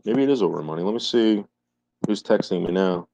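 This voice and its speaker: A man's voice: low voice, fairly quick, creaky, dark tone. A man chatting on a livestream, repeating his phrases emphatically and swearing freely. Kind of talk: casual livestream chat. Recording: muffled lo-fi livestream audio.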